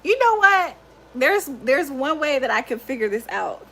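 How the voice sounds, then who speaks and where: A young woman with a high, bright voice hosts a casual livestream chat. She talks in an animated way, laughs often and swears freely as she reacts to her viewers. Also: unhurried. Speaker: livestream host.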